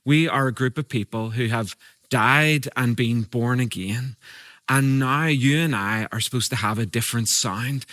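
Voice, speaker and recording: A man from Europe, a guest preacher telling stories in a sermon, moving between brisk asides and slow, emphatic lines. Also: medium pitch, fairly bright tone, no echo, studio quality.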